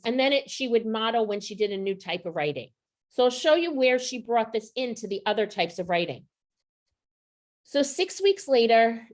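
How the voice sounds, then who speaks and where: A woman presenting a literacy training session to teachers, explaining student writing samples and often checking in with the audience. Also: on the high side. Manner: explanatory, checks in with rhetorical "right?". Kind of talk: professional development presentation.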